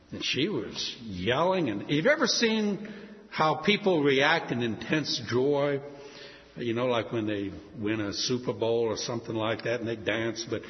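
Animated older male preacher, echoing hall. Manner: animated, acts out quoted voices with big pitch leaps. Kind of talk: sermon storytelling. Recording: dull sound with long hall reverb.

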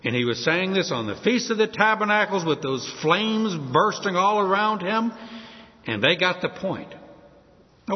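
A man's voice: high voice, big-room sound, lo-fi sound. A man preaching a sermon, emphatic, stressing quoted scripture. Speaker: pastor.

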